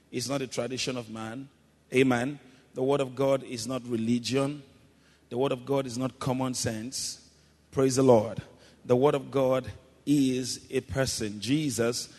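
Male pastor, mid-pitched voice, call-and-response sermon rising to shouts, long church-hall reverb. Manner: calls congregation to repeat after him, rising to shouts.

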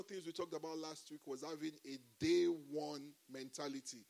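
A man preaching a sermon, animated and humorous, breaking into shouts of praise and chuckles as he tells stories. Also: on the high side, normal speed, gravelly, few pauses. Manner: animated, frequent exclamations of praise; folds laughter and humor into preaching. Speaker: pastor.

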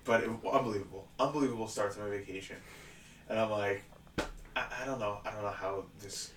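A man's voice: lowish voice, fast, distant mic. A man in casual chat, telling a story with lots of swearing and laughter. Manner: animated storyteller, swears often, laughs a lot. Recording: roomy echo, somewhat off-mic, faint room noise.

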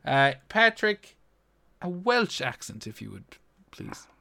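A man's voice: on the high side, big pitch swings, slow pace, creaky, pushed and bright, no room sound. A man hosting a casual podcast, teasing his guest and scoring his efforts like a quiz. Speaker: podcast host. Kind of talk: casual chat.

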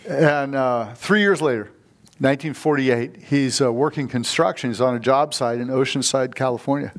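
A middle-aged man preaches in a church sanctuary, fired up and telling stories with real energy. He speaks at a medium pitch for a man and often stops to call out for amens. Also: normal speed. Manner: fired-up, storytelling, calls for amens. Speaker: guest preacher. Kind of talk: sermon.

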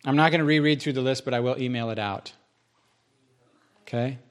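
A man's voice: medium pitch, brisk. A male pastor preaching a sermon, listing points, repeating them for emphasis and making joking, self-deprecating asides.

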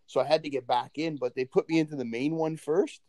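A man, a teacher, telling a funny story in animated casual chat and quoting people with a raised voice. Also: on the high side, fast talker, no echo, low-quality recording.

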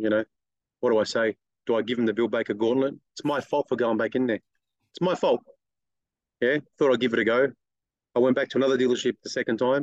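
A middle-aged man, a guest telling blunt, lively stories in an interview and acting out other people's lines. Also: medium pitch, dry recording, highs cut off. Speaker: guest, car detailing business owner. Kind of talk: casual interview storytelling.

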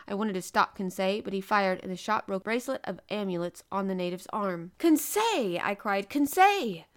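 A woman reading a novel aloud as an audiobook narrator, with a measured, expressive delivery that slows for emphasis. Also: medium pitch.

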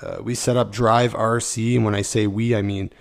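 Hoarse man with a gravelly voice. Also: on the low side, level tone, moderate pace. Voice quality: rough, gravelly. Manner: rambling, stream of consciousness. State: hoarse from a cold. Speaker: podcast host. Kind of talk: casual solo podcast chat.

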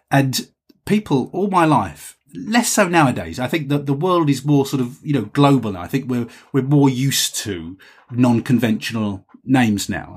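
A man's voice: medium pitch, slightly rough. A man hosting a podcast, chatting casually and reading out listener messages in a rambling, self-correcting way. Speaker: podcast host.

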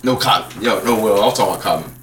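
Niski męski głos z jasnym połyskiem, luźna rozmowa przy lekkim szumie. Żartobliwy, wyluzowany ton. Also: male voice, lowish voice, rapid-fire, a bit bright, a little hiss or hum. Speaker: podcast co-host. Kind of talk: casual chat. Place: kitchen.

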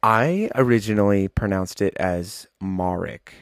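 A man's voice: on the low side, a little slow, no echo, studio quality. A man casually breaking down a show episode, rambling with many fillers and restarts, enthusiastic as a fan and coughing now and then. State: keeps coughing. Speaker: show recap host.

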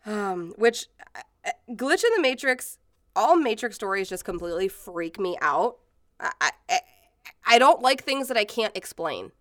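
A woman's voice: mid-range voice, very animated, normal speed, a bit bright, no echo, clean studio sound. A woman in her thirties telling stories in casual chat, rambling with many fillers and swearing freely. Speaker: podcast co-host.

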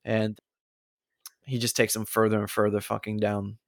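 A man's voice: lowish voice, completely flat delivery, moderate pace, vocal fry, no room sound, clean studio sound. A man co-hosting a casual movie podcast, talking loosely and breaking into goofy impressions of actors. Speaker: podcast co-host.

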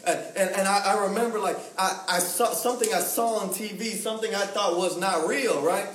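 A young man with a high voice preaches in a loose, storytelling way, full of slang and acted-out voices. He sounds set back from the mic. The echoey room has a faint hiss behind him. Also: a little fast, few pauses, distant mic. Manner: animated, slangy, acts out voices. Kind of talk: storytelling sermon.

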